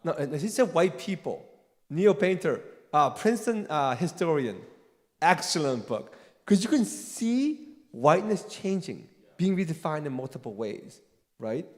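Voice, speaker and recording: A man answering an audience question at a church forum, animated, laughing often and tagging points with "right?". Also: a little high, a little slow, big-room sound. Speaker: guest speaker, theologian.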